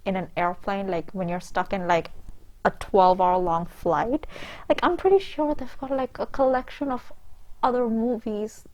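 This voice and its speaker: A woman reads from a bad book and breaks off to mock it, sarcastic and exasperated. Her voice sits at a middling pitch, and her asides are loose and packed with fillers. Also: measured pace. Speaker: comedic book reviewer. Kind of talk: mocking reading and commentary.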